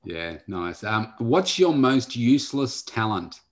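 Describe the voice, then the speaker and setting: A male podcast host in a casual chat, asking quick-fire questions. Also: medium pitch, sing-song.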